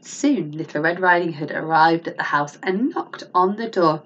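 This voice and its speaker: A woman's voice: on the low side, a little slow, slightly rough, muffled recording. A woman teacher reading a picture book aloud to children, asking them questions and gasping at the twists. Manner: animated, with gasps and questions to the listener.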